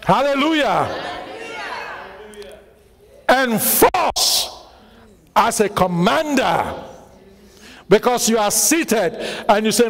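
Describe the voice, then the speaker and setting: A man's voice: sits high, very animated, slow, creaky, long pauses. A man preaching a sermon as pastor, quizzing the congregation with call-and-response questions and repeating lines with emphasis. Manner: emphatic repetition, bursts of shouting. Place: church hall. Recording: long hall reverb.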